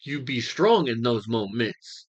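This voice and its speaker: A man's voice: medium pitch, expressive, slow. A young man giving a heated, crude reaction commentary, swearing and mocking as he talks.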